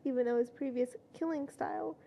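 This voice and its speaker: A woman reading a fanfiction story aloud in a plain storytelling way, with louder voices for quoted shouts. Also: high voice, steady tone, fairly quick, vocal fry, slight background noise, poor audio. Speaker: fanfiction reader.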